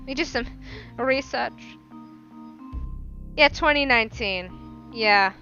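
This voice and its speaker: A woman rambling through a casual book review podcast in a profane, animated way, recorded on a lo-fi home mic. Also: fairly high pitch, slow pace. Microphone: non-professional mic. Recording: lo-fi home mic, faint music.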